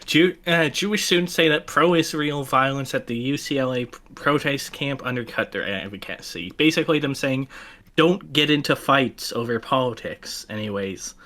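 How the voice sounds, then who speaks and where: A man's voice: mid-range voice, moderate pace, few pauses, fairly bright tone. A man hosting a casual stream, joking around and plugging his channel. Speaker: stream host.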